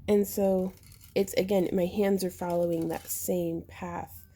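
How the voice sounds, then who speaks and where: A woman with a slightly hoarse voice, chatting casually as she explains a step-by-step craft tutorial while she works. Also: fairly low pitch, little pitch movement, unhurried, mellow. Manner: chatty, explains while working, with fillers and throat clearing. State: slightly losing her voice. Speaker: jewelry-making instructor.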